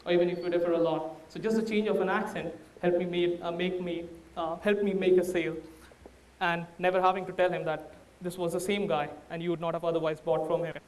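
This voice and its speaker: A man's voice: high voice, little pitch movement, fairly quick, darkish tone, echoey room, distant mic. A man with an Indian accent, a startup founder giving a candid, anecdote-filled talk to an audience. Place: large room before a live audience.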